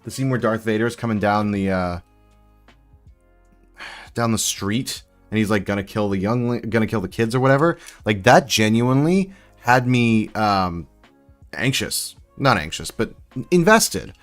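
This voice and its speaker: A man's voice: on the low side, moderate pace, soft background music. A man hosting a casual building live stream, rambling and chatting with viewers as he works. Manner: chatty, rambling, answers chat while building. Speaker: livestream host building sets.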